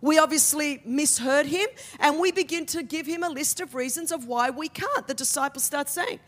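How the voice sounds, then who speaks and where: Woman preaching, high voice, animated and humorous, loud emphatic peaks. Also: normal speed, hardly any pauses. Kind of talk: sermon.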